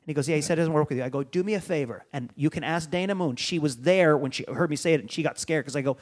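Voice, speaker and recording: A man with a slightly high voice tells a long story as a guest on a podcast. He is a comedian and acts out the other people's lines as he goes. He swears freely. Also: rapid-fire. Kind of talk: animated storytelling.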